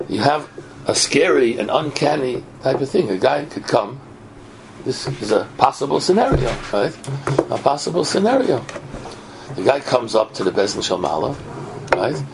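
A man giving a Torah lecture in an animated way, often asking his listeners "right?". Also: medium pitch, moderate pace, creaky. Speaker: Torah teacher. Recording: noisy recording.

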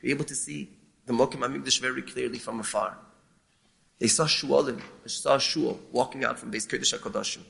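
A man teaching as a rabbi, explaining a lament text in a measured, halting way and often repeating words. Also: mid-range voice, fairly even intonation, gravelly, a bit bright. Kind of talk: explaining a lament text, mixing Hebrew terms.

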